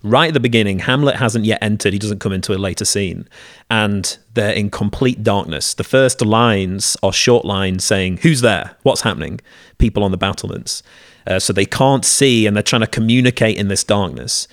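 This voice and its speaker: A man co-hosting a casual literary discussion, retelling scenes with lively acted-out lines. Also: on the low side, normal speed, dry recording, clean studio sound. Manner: lively storyteller, acts out quoted lines.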